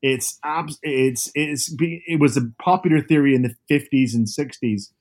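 A man in his fifties from Northern Ireland with a softened Northern Irish accent, chatting as a guest author over a video call and telling lively, animated stories. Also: medium pitch, normal speed. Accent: Northern Irish, softened by years abroad. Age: 50s. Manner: animated storyteller, lively asides.

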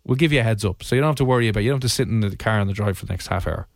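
A man hosting a radio show, chatting and joking quickly with callers and his co-host. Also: fairly low pitch, vocal fry, no echo. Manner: fast, jokey and chatty. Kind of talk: casual radio chat.

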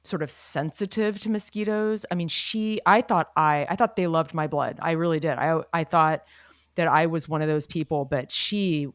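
A woman's voice: low-pitched, normal speed, no echo, studio quality. A woman co-hosting a casual podcast chat, sharing rambling anecdotes in an easygoing way. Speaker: podcast co-host.

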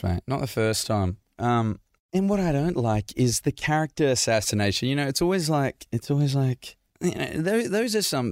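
In a studio-quality, dry recording, a podcast host with a mid-range voice chats casually through listener questions. He jokes, rambles, and laughs a lot along the way.

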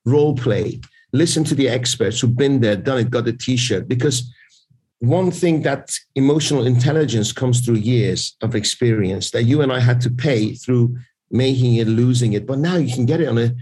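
Middle-aged guy coaching on sales, husky voice, blunt and punchy, repeats himself for emphasis. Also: mid-range voice, moderate pace, warm tone, rough recording. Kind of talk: casual interview talk.

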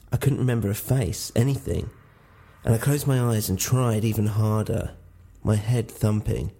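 A man narrating a first-person audio drama in a hushed, uneasy tone. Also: on the low side, gravelly, slightly rough.

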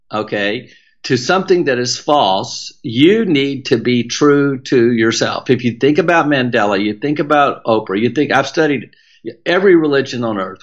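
Emphatic Southern man, slightly muffled. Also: medium pitch. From American South. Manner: emphatic, preacher-like cadence with repetition. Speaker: motivational speaker, guest. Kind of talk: podcast interview.

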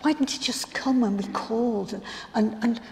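A woman playing a grieving biblical sister in a first-person dramatic monologue, telling her story in an earnest, reflective, halting way. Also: on the high side, creaky, dark tone. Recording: long hall reverb.

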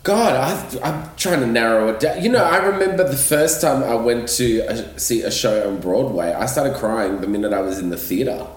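A man's voice: medium pitch, animated, normal speed, few pauses, roomy sound. An Australian man chatting casually on a podcast, camp and playful, with dramatic asides. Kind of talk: casual chat.

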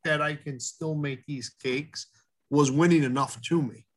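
A middle-aged man, a head baker, talking earnestly in an interview, halting often with fillers and restarts. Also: fairly high pitch, steady tone. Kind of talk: casual interview talk.

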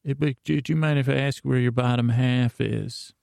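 A man's voice: mid-range voice, fairly even intonation, normal speed, vocal fry, a little mellow, no echo, studio quality. A man voicing a polite, puzzled grown man who speaks hesitantly to a talking dummy. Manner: hesitant, unsure.

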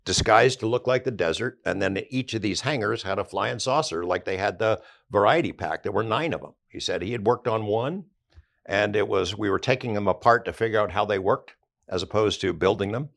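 A man's voice: lowish voice, a little fast, creaky, a bit bright. An older man, an investigative journalist, recounting past events conversationally in a podcast interview.

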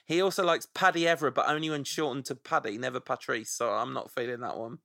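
A man's voice: mid-range voice, fairly even intonation, fast, vocal fry, bright, forceful tone, no room sound, studio quality. A man hosting a podcast in casual chat, playfully savoring the sound of names as he reads out suggestions. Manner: playful, relishes saying names aloud. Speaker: podcast host.

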